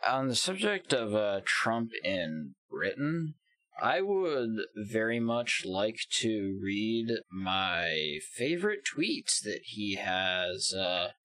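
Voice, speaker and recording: A man's voice: lowish voice, very animated, takes it slowly, pushed and bright, no room sound. A man co-hosting a podcast, chatting casually and profanely about politics. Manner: profane, joking. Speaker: podcast co-host.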